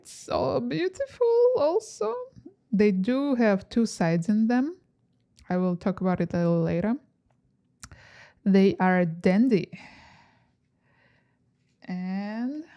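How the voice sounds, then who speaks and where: A woman giving a pick-a-card tarot reading to camera, gentle and musing, with frequent fillers and soft laughs. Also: mid-range voice. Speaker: tarot reader.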